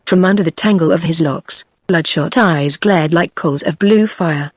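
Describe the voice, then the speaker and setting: A woman's voice: fairly low pitch, normal speed, slightly rough, no room sound. Dry synthetic British woman narrating. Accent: British English. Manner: steady, even text-to-speech delivery. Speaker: audiobook narrator.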